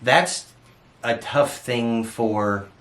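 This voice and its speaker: A man co-hosting a candid home chat, speaking haltingly and searching for his words. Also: mid-range voice, a bit bright, reverberant. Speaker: co-host living with dementia.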